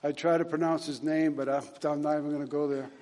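A man preaching a sermon, retelling a story and reading scripture in a halting way, with many repeated words and fillers. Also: a little high, little pitch movement, a little mellow, big-room sound.

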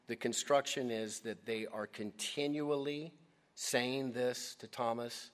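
Animated, emphatic male preacher. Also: mid-range voice, normal speed. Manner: animated, emphatic, addresses audience as "gang". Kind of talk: sermon.

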